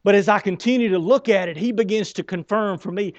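Excitable male preacher, slightly high voice. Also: brisk, hardly any pauses, dry recording. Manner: emphatic, conversational, stutters when excited. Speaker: pastor. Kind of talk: sermon.

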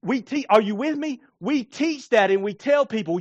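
A male pastor delivers a lively sermon in a fairly high voice, slipping into playful voices to act out little scenes. The sound is dry and close, with a slightly dull, muffled tone. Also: normal speed, few pauses, no echo. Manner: animated, acts out scenes with playful voices and laughter.

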